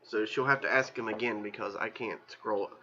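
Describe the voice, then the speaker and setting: A man's voice: lowish voice, fairly even intonation, normal speed, bright, forceful tone, lo-fi sound. A man from Southern Ohio with a mild country accent, chatting casually and reading out viewer comments as co-host of a livestream. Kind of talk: casual chat.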